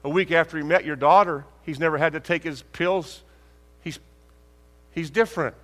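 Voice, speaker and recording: A man preaching a sermon, telling stories and acting out conversations, asking rhetorical questions with lively emphasis. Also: a little high, normal speed. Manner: animated, acts out dialogue, rhetorical questions. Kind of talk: sermon with storytelling. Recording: long hall reverb.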